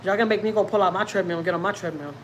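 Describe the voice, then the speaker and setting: A woman with a mid-range voice talks very fast, and the rough recording carries a bit of hiss or hum. She's a family vlogger from Houston, Texas, hosting a livestream from home, rambling casually and teasing herself while reading viewers' comments aloud.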